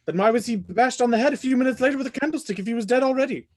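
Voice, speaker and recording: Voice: medium pitch, rapid-fire, lightly acted. A reader voicing a frantic male butler in a live script reading, racing through the recap with sudden yelps.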